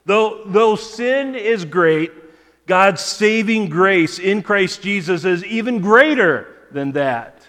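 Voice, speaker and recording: A pastor preaching a sermon in a measured way, often repeating words as he restarts a phrase. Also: high voice, animated, fairly bright tone, big-room sound. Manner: measured preaching with frequent word repetitions and restarts. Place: church sanctuary.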